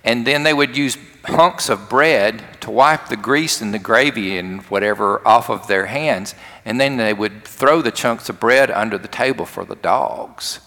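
Preaching with a bright, forceful tone, a pastor recounts a story and plays out the characters' words. His voice sits on the low side, moving at a measured pace with few pauses, under long hall reverb.

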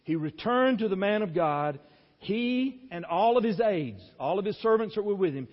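A man preaching a sermon, reading scripture and acting out the characters with heated, rising delivery, then dropping quiet to reflect. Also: high voice, lively intonation, normal speed, in a large hall, dull audio. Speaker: pastor.

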